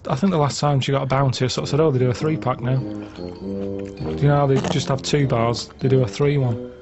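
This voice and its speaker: A man in casual chat, telling everyday stories in a flat, matter-of-fact way. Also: medium pitch, fairly quick. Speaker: podcast regular. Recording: muffled audio with music behind.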